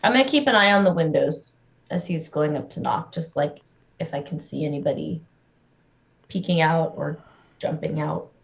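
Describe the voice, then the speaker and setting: A woman's voice: deep voice, normal speed, creaky, highs cut off. A woman playing a tabletop role-playing game, chatting casually and laughing often. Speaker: player.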